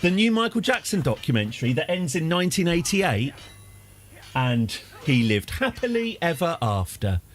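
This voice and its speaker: A man's voice: fairly high pitch, sing-song, moderate pace, slight background noise. A man in his forties with an English accent, chatting casually and wryly while streaming a game live, rambling off on tangents and answering his chat. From England.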